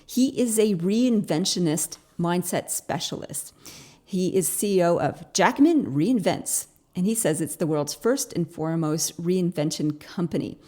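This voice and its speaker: Female interview host from Canada, low-ish voice, enthusiastic delivery. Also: expressive, measured pace, dark tone. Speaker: podcast host. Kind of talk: podcast interview.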